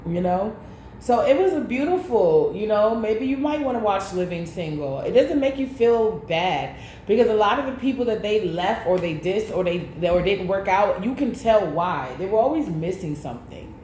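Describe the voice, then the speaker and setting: Animated woman in an echoey room. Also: medium pitch, normal speed. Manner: animated storytelling with slang. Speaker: tarot reader. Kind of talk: casual chat. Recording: echoey room with faint noise.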